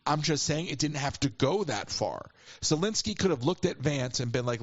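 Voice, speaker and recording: A man's voice: a little high, animated, moderate pace, dry recording. A man co-hosting a podcast who argues his points emphatically in casual political chat. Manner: emphatic and argumentative. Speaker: podcast co-host. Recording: dry, dull lo-fi sound.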